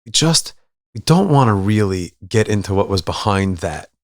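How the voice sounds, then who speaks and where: A man who is a rabbi, a podcast guest telling a story in an animated way and acting out voices. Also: fairly low pitch, normal speed, no room sound. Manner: animated, acts out voices, many restarts. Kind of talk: conversational storytelling.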